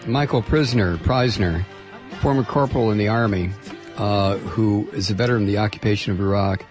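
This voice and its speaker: A man's voice: on the low side, fairly quick, over music. A man hosting talk radio, reading quotes aloud and commenting with frequent hesitant fillers. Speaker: radio host.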